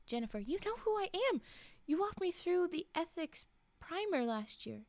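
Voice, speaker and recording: A woman's voice: extremely high pitch, very animated, moderate pace, darkish tone, dry recording, voice pushed up, full character voice. A woman voicing a confused, earnest young woman in custody, asking pleading, insistent questions.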